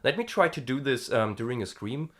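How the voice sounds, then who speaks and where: A man's voice: mid-range voice, animated, brisk, fairly bright tone. A man hosting a casual vocal-practice diary, chatty and self-amused, thinking aloud with fillers. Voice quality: gravelly fry in the voice. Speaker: host.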